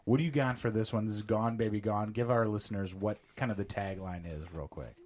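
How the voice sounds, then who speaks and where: A man's voice: lowish voice, brisk, darkish tone. A man hosting a casual podcast chat, calling on each guest in turn in a loose, chatty way. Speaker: podcast host.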